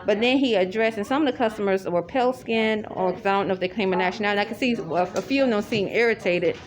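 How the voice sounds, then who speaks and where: A woman's voice: mid-range voice, fast. Rambling woman over crowd chatter. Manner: rambling and repetitive, many restarts. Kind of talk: casual spoken monologue. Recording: loud crowd chatter behind.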